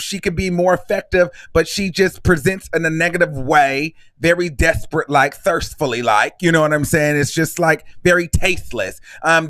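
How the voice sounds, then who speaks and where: A man hosting a celebrity gossip show, giving sassy, outspoken, animated commentary. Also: on the high side, dry recording. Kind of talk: casual commentary vlog.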